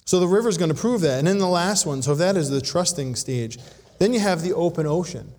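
A man preaching a sermon, telling a personal story in an animated way and acting out voices. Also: a little high, brisk. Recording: long hall reverb.

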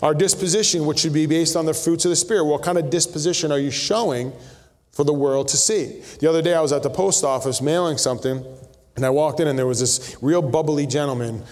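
A man's voice: on the high side, fairly quick, darkish tone. A middle-aged male pastor preaching a sermon in a conversational way, mixing teaching with storytelling asides. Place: church sanctuary. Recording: long reverb of a church hall.

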